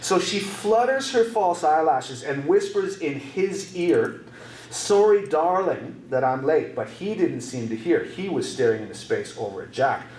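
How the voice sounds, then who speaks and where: A man's voice: a little high, lively intonation, unhurried, darkish tone. A man teaching an English class, explaining song lyrics in a repetitive way and checking in with rhetorical questions. His voice is recorded in an echoey room from a distant mic.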